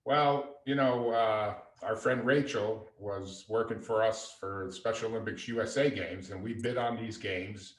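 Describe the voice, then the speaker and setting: A man telling stories as a guest in a podcast interview, lively and anecdotal. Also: on the low side, unhurried, few pauses. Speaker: guest, father and entrepreneur. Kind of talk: conversational storytelling. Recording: echoey room, distant mic.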